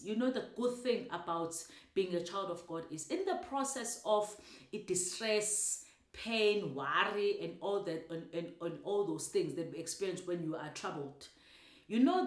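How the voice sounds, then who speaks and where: A woman's voice: medium pitch, echoey room. A woman with a South African accent telling a personal story of faith, emotional and repeating herself often. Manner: emotional, repetitive, mixing in isiZulu words. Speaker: speaker sharing a personal story. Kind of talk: personal testimony.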